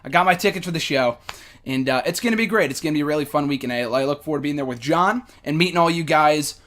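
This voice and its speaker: A man hosting a casual fan Q&A vlog, excited and rambling, out of breath and swearing now and then. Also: on the high side, quick pace, slight background noise. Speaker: host.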